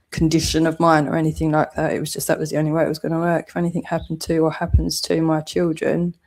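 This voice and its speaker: A woman's voice: low-pitched, creaky, a little mellow. A British woman with a southeast English accent, delivering a heated, accusatory vlog rant full of swearing. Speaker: channel owner.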